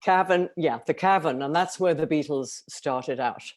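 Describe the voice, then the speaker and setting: An older woman from Liverpool with a softened Liverpool accent, chatting as an interview guest and telling stories. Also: low-pitched. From England. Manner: chatty storyteller, quick affirmations. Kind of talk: casual interview chat.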